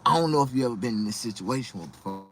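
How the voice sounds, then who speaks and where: A young man doing stand-up, telling a rambling, profane story in an animated way. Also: mid-range voice, fast, soft background music. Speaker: comedian.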